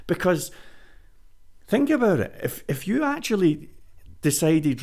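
A man talking straight to his viewers in a casual vlog, pitching an idea like a salesman and repeating phrases for emphasis. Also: big pitch swings, a little slow, creaky, long pauses, darkish tone. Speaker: web business vlogger. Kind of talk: energetic casual monologue to camera.

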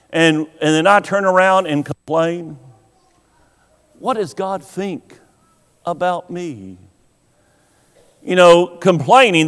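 A man preaching a sermon, slow and emphatic, acting out the voices he quotes. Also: high voice. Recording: long hall reverb.

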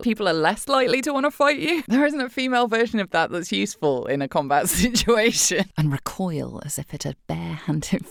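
Woman, slightly husky, low-ish voice, sardonic, sweary, casual gaming chat, dry close mic. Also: no room sound. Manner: sweary, sardonic, quick jokes.

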